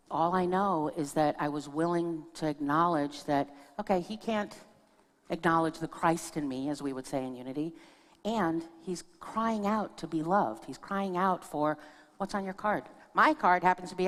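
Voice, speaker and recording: A woman minister giving a sermon in a church, telling stories in a conversational way and speaking with her audience. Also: sits low. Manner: conversational storytelling with audience asides. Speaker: guest minister. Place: church sanctuary. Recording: long reverb of a church hall.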